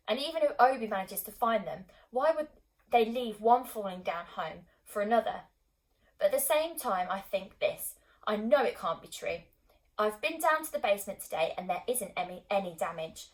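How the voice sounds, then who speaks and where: A woman narrating an audiobook in a calm, measured storytelling manner. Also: medium pitch, low-quality recording. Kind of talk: scripted narration.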